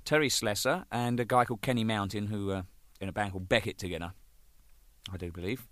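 An older man, a band's drummer, telling rambling, profane stories, laughing and acting out the shouting in them. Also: fairly low pitch, quick pace, no room sound, studio quality. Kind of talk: casual anecdotal storytelling.

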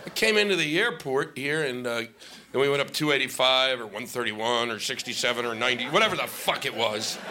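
A man's voice: medium pitch, fairly quick, a crowd in the background. A middle-aged male stand-up comic on stage, ranting in a sarcastic, profane way. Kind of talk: stand-up comedy set. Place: comedy stage before a live audience.

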